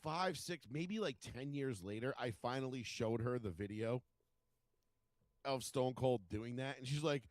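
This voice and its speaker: A man's voice: mid-range voice, a little slow, a little mellow, no room sound. A man, telling stories in casual podcast chat and swearing freely. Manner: storytelling, swears freely, acts out quotes. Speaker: podcast co-host.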